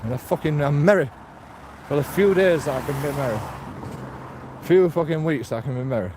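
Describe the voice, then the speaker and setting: A blunt man rambles and swears his way through a walking vlog, his voice sitting a little high for a man. He talks into a handheld phone outdoors, and the street noise comes through clearly behind him. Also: fairly quick, darkish tone. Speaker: streamer. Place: outdoors on a walk.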